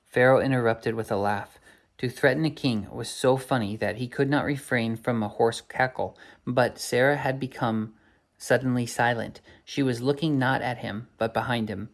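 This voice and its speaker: Gravelly man reading a story aloud. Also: medium pitch, fairly even intonation, moderate pace. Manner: stumbles and rereads words. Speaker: reader.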